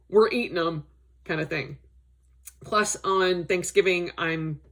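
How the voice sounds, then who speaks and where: A middle-aged woman in a casual personal vlog, chatting and rambling with asides while she recovers from a stomach bug. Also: on the low side. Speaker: vlogger.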